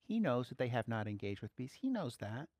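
A man's voice: mid-range voice, sing-song, brisk, darkish tone, no room sound, studio quality. A man giving a casual, playful sermon, laughing often as he speaks. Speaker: preacher.

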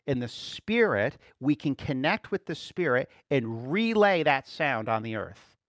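A man preaches an informal sermon to a class, conversational and quick to laugh, swinging between emphatic outbursts and quiet asides. His mid-range voice has big pitch swings, and the studio-quality recording has no room sound.

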